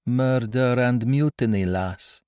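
A man's voice: mid-range voice, takes it slowly, a little mellow, clean tone, no room sound, clean studio sound, pitched above the performer's own voice, natural voice. A man voicing a smirking, wild sailor speaking with mocking ease.

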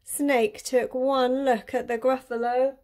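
A woman primary school teacher reading a picture book aloud in an expressive, rhythmic way. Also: sits high, slow pace.

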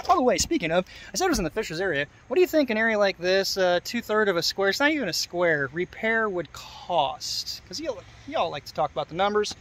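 A man with a fairly high voice walks a roof outdoors, pointing out sloppy repairs to his viewers. He talks in a loose, chatty way with plenty of sarcasm. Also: sing-song, a little fast, a bit bright. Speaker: roofing contractor. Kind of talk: on-site roof inspection vlog.

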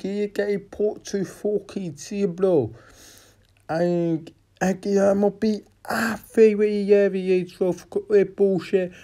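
Guy rambling slow about a fight, lots of ums and swearing, soft dark voice. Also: high voice. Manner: rambling, profane, halting with many fillers. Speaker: boxing fan giving fight predictions. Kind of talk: casual rambling fight preview.

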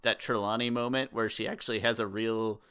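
A young man co-hosting a podcast, giving rambling, opinionated takes that often trail off quietly. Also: fairly low pitch, fairly even intonation, fairly quick, clean tone. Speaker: podcast co-host. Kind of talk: casual podcast chat.

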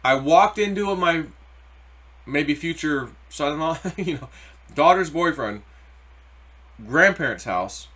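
A man's voice: fairly high pitch, animated, takes it slowly, pauses often, pushed and bright. A middle-aged man giving casual, rambling crypto market commentary with anecdotes and spiritual asides. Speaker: crypto YouTuber.

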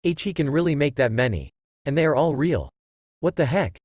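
A man's voice: a little high, sing-song, a little fast, darkish tone, husky, dry recording, lo-fi sound. A man voicing a shy young girl who stammers and hesitates.

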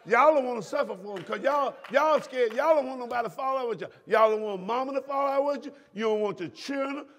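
A man preaching a sermon as pastor, repeating lines and breaking into shouts at the congregation. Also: very high-pitched. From Southern United States.

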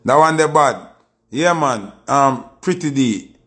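A Jamaican-accented music reviewer chats on a casual livestream, boasting, emphasizing and repeating his points about the songs. His mid-range voice is expressive and fairly bright, and he speaks slowly.

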